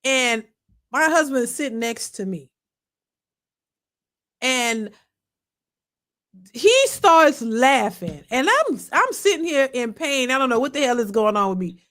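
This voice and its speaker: Animated woman host telling a story. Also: high voice, a little slow, long pauses. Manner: animated, laughing, colloquial, swings from loud to hushed. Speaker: live stream host reading chat. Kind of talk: casual storytelling and chat reactions.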